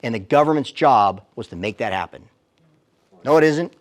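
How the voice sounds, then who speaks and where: Male Christian speaker, emphatic live church talk, middle-pitched voice, rhetorical punch. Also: expressive, normal speed. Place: church sanctuary, before a live audience.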